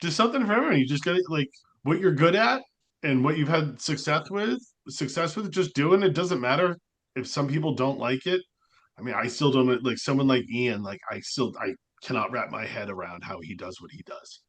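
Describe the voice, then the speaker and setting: A medium-pitched man co-hosting a podcast talks a little fast. His casual chat wanders loosely, animated and heavy on fillers like "like."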